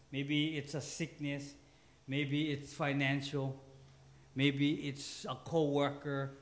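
Playful high-voiced pastor, slow delivery. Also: male voice. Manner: joking, playful asides to the congregation. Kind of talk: sermon. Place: church.

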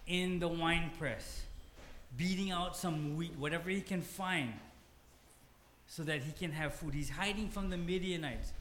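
A man's voice: fairly high pitch, a bit bright. Male pastor, Hawaiian Pidgin accent, light voice, emphatic storyteller, echoey room with a faint hum. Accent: Hawaiian Pidgin English. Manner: humorous, self-deprecating, emphatic storytelling. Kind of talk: sermon. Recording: roomy hall with faint ambience.

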